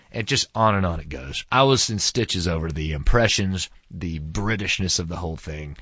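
A man's voice: deep voice, animated, normal speed, hardly any pauses, fairly bright tone, slightly rough, dry recording, highs cut off. A man from Texas hosting his podcast in a rambling, chatty way, recorded in a studio. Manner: chatty and rambling, many fillers. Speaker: podcast host. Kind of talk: casual podcast monologue.

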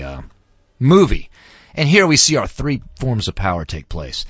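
A man's voice: medium pitch, wildly swooping pitch, unhurried, slightly rough, no echo. A man, a student, casually retelling a film with lots of fillers, in a dull, lo-fi recording with faint music. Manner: rambling, many fillers.

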